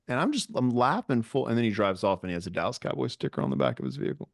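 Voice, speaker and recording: A man's voice: mid-range voice, huge pitch swings, racing, vocal fry, no room sound, studio quality. A man co-hosting a podcast, telling rambling, self-mocking stories in casual chat. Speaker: podcast co-host.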